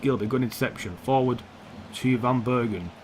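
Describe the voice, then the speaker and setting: A young man commentating his own football video game match, swearing often and shouting at the players on screen. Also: medium pitch, moderate pace, a little hiss or hum. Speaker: gaming YouTuber. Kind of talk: gameplay commentary.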